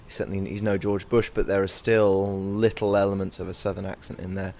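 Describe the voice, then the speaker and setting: Earnest young man, low voice. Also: brisk, slight background noise. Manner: earnest, thoughtful, animated when recounting. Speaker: comedy performer being interviewed. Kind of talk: reflective interview answers.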